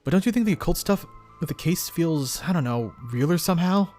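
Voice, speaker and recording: A man's voice: animated, a little fast, a little mellow, faint music behind, natural voice. A man voicing a curious, teasing young male detective in a mystery game, with a lifted, eager tone. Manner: eager, curious, raised pitch.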